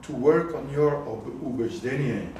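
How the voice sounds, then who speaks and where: A man's voice: mid-range voice, moderate pace, dark tone, recorded from a distance, a little hiss or hum. A man giving a live coaching talk to a group, questioning the audience often and mixing in words of another language. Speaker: business coach. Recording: echoey room, voice from afar.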